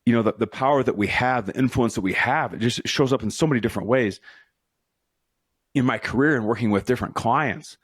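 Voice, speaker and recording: A man's voice: on the low side, no echo, clean studio sound. A middle-aged man hosting a solo podcast as a leadership coach, telling stories in an earnest, motivational, conversational way.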